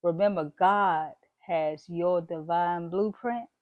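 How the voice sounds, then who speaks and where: A woman's voice: on the low side, steady tone, slow pace, no room sound, narrow, tinny audio. A woman vlogging straight to her viewers in a bold, preachy, emphatic manner, dropping "y'all" and "baby" along the way. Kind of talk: casual motivational talk to camera.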